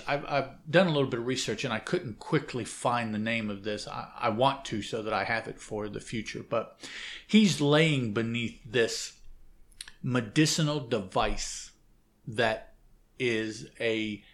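A man casually reading a comic aloud, describing the panels in an unhurried, hesitant way with many fillers and asides. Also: on the low side, a bit bright. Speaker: comic reader and podcast host. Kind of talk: casual comic read-along narration.

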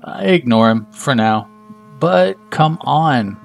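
A man voicing a calm, steady male rabbit ronin in a comic reading, with a gravelly voice. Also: medium pitch, takes it slowly, faint music behind.

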